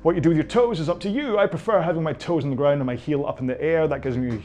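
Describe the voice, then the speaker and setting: A man's voice: on the high side, fast, mellow. Chatty Scottish man coaching stretches. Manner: chatty, joking and self-mocking. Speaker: indoor rowing coach. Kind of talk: guided stretching class, casual chat.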